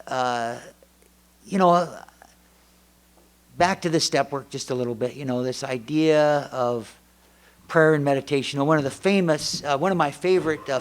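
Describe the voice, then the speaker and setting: A middle-aged American man gives his testimony at a recovery meeting, restarting sentences often as his stories wander. His voice sits in an ordinary middle pitch, and he slips into the voices of his family members when he tells anecdotes. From United States. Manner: rambling, self-interrupting storyteller who acts out family dialogue. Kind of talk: personal testimony talk. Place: meeting hall before an audience.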